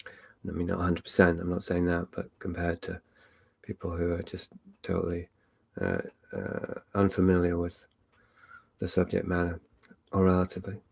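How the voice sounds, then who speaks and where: An English man with a low, gravelly, breathy-edged voice speaks at normal speed and pauses often. Hosting a live online meet, he talks solo in a casual, rambling, reflective way, with many fillers and restarts.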